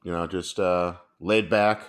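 A man's voice: low voice, steady tone, unhurried. A man co-hosting a podcast from his couch at home, laid-back, with dry wisecracks. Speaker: podcast co-host. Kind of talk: casual chat.

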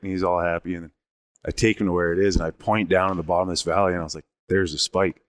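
A man casually telling a long story in an animated, rambling way, often restarting his sentences. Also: low-pitched, very fast, no echo. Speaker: guest telling a hunting story.

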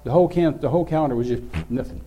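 A man's voice: on the high side, racing, warm tone, slight background noise. An older man, telling a rambling, folksy story as a preacher. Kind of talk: sermon storytelling.

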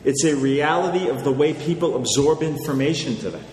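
A male author answers audience questions at a live Q&A held in a large hall, lecturing conversationally and often checking in with "okay?" His medium-pitched voice has a darkish tone, and he speaks a little fast. The recording sounds echoey, with faint noise.

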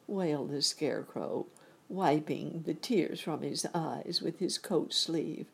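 Low, husky woman narrating a storybook. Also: takes it slowly. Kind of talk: audiobook narration.

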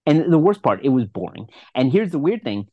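A man's voice: mid-range voice, very animated, fairly quick, slightly rough, no room sound, phone-quality sound. A man co-hosting a casual movie review podcast, ranting and swearing in a rambling way. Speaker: podcast co-host.

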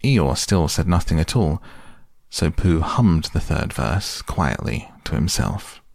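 Slow, deep storybook narrator, male. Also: big pitch swings, vocal fry, darkish tone, dry recording, studio quality. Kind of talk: storybook reading aloud.

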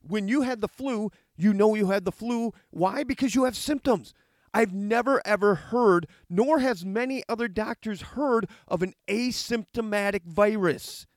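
A man's voice: sits high, a little slow, dry recording, clean studio sound. A middle-aged man giving a heated, argumentative monologue, reading out a letter and rebutting it with sarcasm. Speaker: commentator reacting to a letter.

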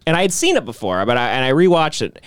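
A man co-hosting a casual podcast, telling rambling stories and jumping up in pitch when he quotes people. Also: fast, clear, resonant tone, dry recording, studio quality. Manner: animated storyteller, jumps in pitch when quoting people. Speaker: podcast co-host.

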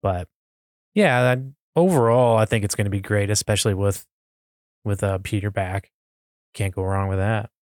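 A man's voice: on the low side, normal speed, long pauses, a little mellow, no room sound, studio quality. A man chatting easily on a podcast, laughing often. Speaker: podcast guest. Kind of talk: casual podcast chat.

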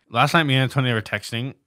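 Bright-voiced young man who stutters. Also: medium pitch, no room sound, studio quality. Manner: animated, exasperated, swears freely. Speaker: podcast co-host. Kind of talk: casual chat.

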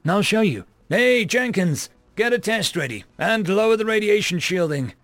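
A man's voice: on the high side, animated, moderate pace, fairly bright tone, no echo, soft background music, voice pushed up. A man doing a breezy, careless admiral. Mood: commanding. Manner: breezy, offhand, bossy. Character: giddy, careless male admiral, nonchalant and offhand.

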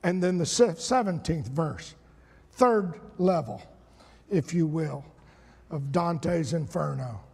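A middle-aged man preaching a sermon as pastor, building from slow reading to shouted, fervent exhortation. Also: fairly high pitch, vocal fry, husky. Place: church sanctuary. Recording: long hall reverb.

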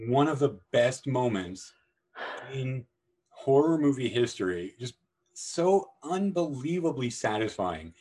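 A man chats about films on a podcast, rambling and full of restarts. His voice sits at a middle pitch, and he bursts into raised, excited voices when he quotes scenes. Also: unhurried, slightly rough, low-quality recording. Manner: rambling, animated, acts out movie lines in high voices. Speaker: podcast host. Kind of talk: casual film discussion.

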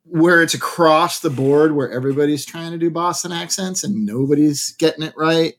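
A man's voice: a little high, normal speed. A man, an actor, chatting casually on a podcast with wry, joking asides.

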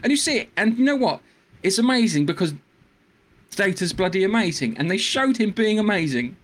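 A man's voice: high-pitched, very animated, brisk. A man co-hosting a podcast, ranting in casual chat with stammered restarts. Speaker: podcast co-host. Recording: faint background noise.

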